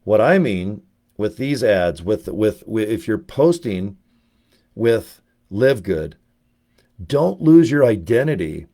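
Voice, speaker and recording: Low-voiced man telling rambling stories. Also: slow pace. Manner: rambling, animated, jumps between anecdotes. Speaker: network marketer. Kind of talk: casual storytelling to camera.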